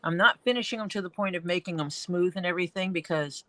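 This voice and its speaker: A woman's voice: on the low side, fast, fairly bright tone, no echo. A woman streaming her leatherwork from a home basement workroom, chatting and thinking aloud as she works. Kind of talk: casual livestream chat while working.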